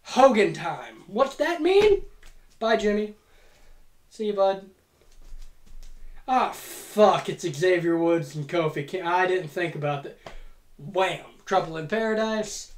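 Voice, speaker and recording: A podcast host tells a playful, profane story in a casual fantasy-booking monologue, her voice lowish, slow, and marked by long pauses. She's recorded in an echoey room at home.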